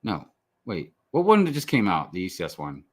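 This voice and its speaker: Chill guy on a podcast, kinda low voice, rambly, swears now and then. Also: huge pitch swings, fairly quick. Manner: laid-back, rambling, casual swearing. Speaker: podcast guest. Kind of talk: casual podcast chat.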